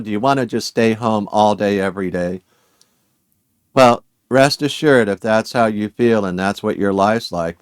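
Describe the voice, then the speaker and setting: A man's voice: fairly low pitch, no room sound. A man teaching a Bible study as a sermon, earnest and urging, asking his listeners many rhetorical questions.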